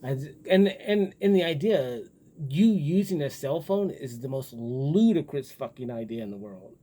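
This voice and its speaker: Husky-voiced man in a blunt ramble. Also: medium pitch, animated, moderate pace, mellow. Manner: profane, blunt and musing. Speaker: vlogger. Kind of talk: casual rambling monologue.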